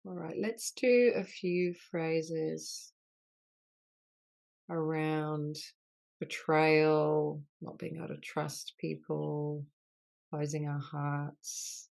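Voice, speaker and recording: A woman guides a healing session on an online group call, repeating gentle phrases. Her voice sits low with a gravelly fry, and she speaks in an unhurried, soothing way. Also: steady tone. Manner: slow, soothing, repetitive apology phrases. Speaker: soul mentor leading a healing call.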